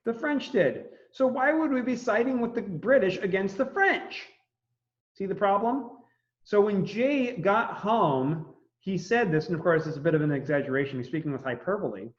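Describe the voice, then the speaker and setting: A man teaching a history class in a casual, jokey lecture style, full of fillers and quick acted-out quotes. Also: high-pitched, expressive. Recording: dull lo-fi recording.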